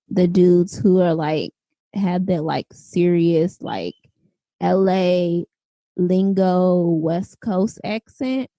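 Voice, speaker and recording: Mellow-voiced woman in casual podcast chat. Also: lowish voice, no room sound. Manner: chatty, lots of fillers and 'like'. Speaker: podcast co-host.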